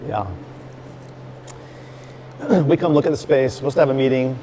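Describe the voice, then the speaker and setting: Animated man telling a story in a taproom. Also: mid-range voice, normal speed, background noise. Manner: animated storyteller, acts out quotes with restarts. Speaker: brewery owner, guest. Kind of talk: casual storytelling chat. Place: his brewery taproom.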